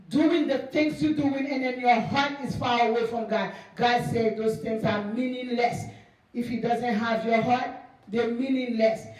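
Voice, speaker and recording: A woman pastor with a high voice delivers an animated sermon, repeating phrases and acting out exchanges for emphasis. She is picked up from some distance, and her words ring through a very echoey church hall. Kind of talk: preaching a sermon.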